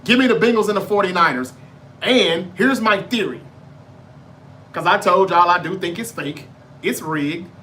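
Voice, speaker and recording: A man's voice: high-pitched, normal speed, pauses often, pushed and bright, a little hiss or hum. A man hosting a sports debate show, giving football predictions in a brash, profane, trash-talking monologue.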